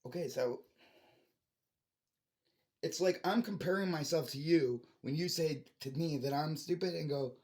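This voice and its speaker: A man's voice: on the high side, normal speed. Frustrated man ranting to camera. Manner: frustrated, ranting, full of restarts and swearing. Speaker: vlogger. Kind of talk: rambling monologue to camera.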